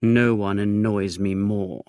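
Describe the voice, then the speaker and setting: Brief: male audiobook reader, unhurried and dry, close and dead-sounding recording. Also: on the low side, steady tone, mellow, smooth, no room sound. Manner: languid, dry, measured first-person reading. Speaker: audiobook narrator. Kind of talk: scripted narration.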